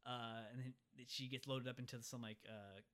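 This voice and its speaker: A man chatting casually about a movie, retelling scenes with quick, loose phrasing. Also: mid-range voice. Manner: animated retelling with acted-out quotes.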